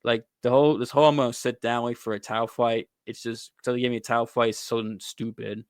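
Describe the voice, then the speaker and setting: In a fast, flat delivery, a male host gives blunt, opinionated sports commentary full of slang, swearing and calling people "bro." His voice is smooth, clear and of ordinary pitch, captured close and dry with no room sound.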